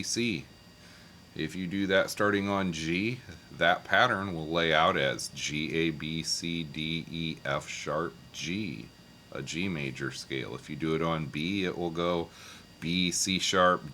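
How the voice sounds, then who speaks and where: Slow, deep-voiced man teaching guitar. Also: a little hiss or hum. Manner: patient, talks over guitar, sings note names along. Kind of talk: casual music lesson. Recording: loud guitar playing behind voice.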